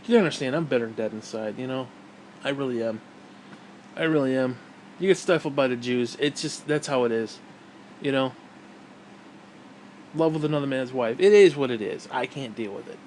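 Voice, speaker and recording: A man's voice: medium pitch, normal speed, pauses often, a little mellow, a little hiss or hum. A man, hosting his own show in a crude, bitter, rambling rant full of restarts. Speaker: vlog host. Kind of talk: profane rant.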